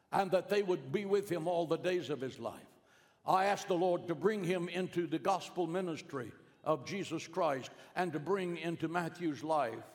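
Middle-aged male preacher, storytelling sermon, hushed-to-emphatic swings, slightly raised pitch, echoing in a big hall. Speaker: pastor. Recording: long hall reverb.

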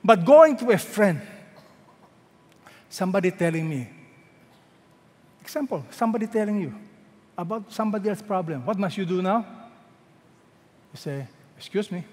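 A middle-aged man with a Filipino accent, preaching a sermon as senior pastor, calling out questions for the congregation to answer and slowing down to quote scripture. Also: high voice, animated, darkish tone. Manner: slows right down when quoting scripture. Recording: hall with long reverb.

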